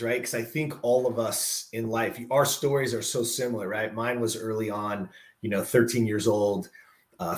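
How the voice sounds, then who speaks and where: A middle-aged man hosting a podcast, telling a personal story in a lively conversational way, acting out the dialogue and often asking "right?". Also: medium pitch. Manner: animated, acts out quoted dialogue, says "right?" often. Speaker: podcast host.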